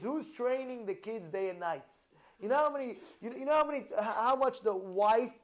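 Man, young adult, rabbi's sermon, high voice, excitable, storytelling, questions to the audience. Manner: excitable, storytelling, asks the audience questions, swings from loud to hushed. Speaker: rabbi giving a Torah class. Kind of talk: animated sermon with acted-out dialogue.

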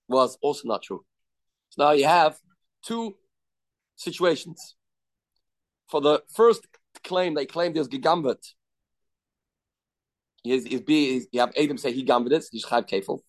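A man's voice: mid-range voice, lively intonation, normal speed, pauses often. A man teaching a daily Talmud class, explaining step by step, putting questions and answering them himself. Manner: mixes English with Hebrew and Aramaic terms.

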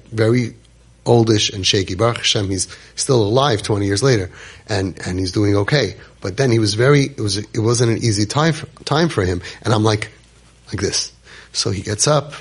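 A man, telling a personal story with animated repetition and Yiddish words. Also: on the low side, slightly rough. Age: 50s. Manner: animated, repeats phrases for emphasis, sprinkles Yiddish words.

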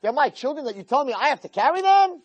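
Brief: an anguished old leader at the end of his rope, put on by a male lecturer, pleading in high, swooping questions. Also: huge pitch swings, quick pace, dark tone, slightly rough, no room sound, muffled recording, exaggerated voice. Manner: pleading, exasperated rhetorical questions.

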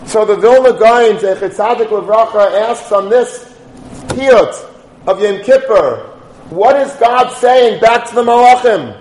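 High-voiced man giving a Torah lecture. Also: takes it slowly, darkish tone, reverberant, rough recording. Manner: storytelling, rises to chanting Hebrew liturgy. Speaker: rabbi.

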